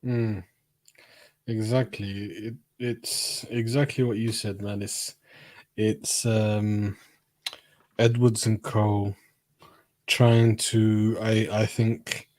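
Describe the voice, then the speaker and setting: A man's voice: fairly low pitch, level tone, very slow, long pauses, darkish tone, no echo. Male co-host, plain-spoken football fan, dry room. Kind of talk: casual football chat.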